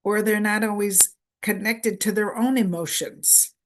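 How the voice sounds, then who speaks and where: A woman presenter giving a conference lecture in a deliberate way, repeating key phrases in short lists for emphasis. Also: medium pitch, steady tone, slight background noise. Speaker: workshop presenter.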